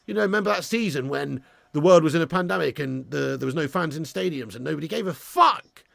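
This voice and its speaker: A man hosting a live football watch-along, sweary and ranting, bantering with viewers in the chat and shouting at chances on goal. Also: a little high, animated, fast talker, gravelly, no room sound. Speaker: fan channel host.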